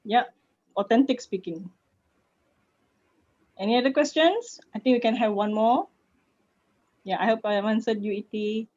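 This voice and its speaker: A woman with a Malaysian accent, a public speaking coach answering questions in an online session, lively and laughing easily. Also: on the high side, moderate pace, pauses often. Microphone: video call. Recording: lo-fi video call audio.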